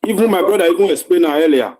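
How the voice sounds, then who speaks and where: A Nigerian man in casual discussion, talking haltingly with many "uh" fillers while he searches for words. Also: high voice, darkish tone.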